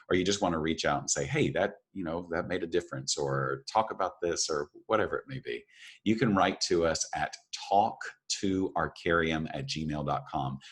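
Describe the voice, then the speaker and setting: Man, extremely deep voice, earnest, encouraging, podcast co-host, reflective talk. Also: a bit bright. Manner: earnest, encouraging, repeats phrases for emphasis.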